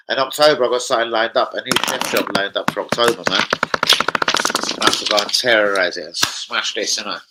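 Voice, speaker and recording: A man's voice: sits low, bright, forceful tone, poor audio. A man hosting a football fan channel, hyper and slangy, swearing freely through casual chat and a transfer news roundup.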